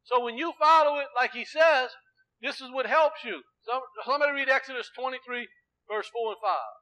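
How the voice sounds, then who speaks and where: High, bright-voiced male preacher. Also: moderate pace, rough recording. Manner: emphatic, quizzes the congregation with questions; swings from loud exclamation to quiet, low explanation. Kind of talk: sermon.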